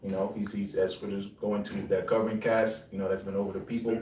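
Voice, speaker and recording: A man's voice: on the low side, level tone, quick pace, crowd noise. A man in a Bible class reading a verse aloud and then explaining it, with frequent "you know"s. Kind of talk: reading scripture and commenting. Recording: echoey room from far off.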